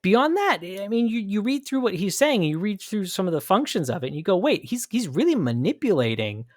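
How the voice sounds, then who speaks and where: A man's voice: high voice, big pitch swings, fairly quick, dry recording, studio quality. An American man hosting a commentary podcast, arguing his points emphatically and thinking aloud with frequent restarts. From United States. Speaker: podcast host.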